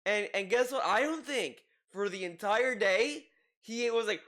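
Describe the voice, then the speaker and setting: A man's voice: high-pitched, measured pace, sharp tone. A man giving casual commentary, rambling with frequent restarts and asides. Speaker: commentary youtuber.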